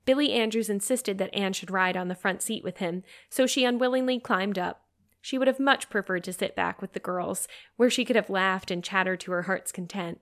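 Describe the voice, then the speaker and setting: A woman's voice: medium pitch, moderate pace, fairly bright tone. Woman narrating a story. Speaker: audiobook narrator. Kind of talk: scripted narration.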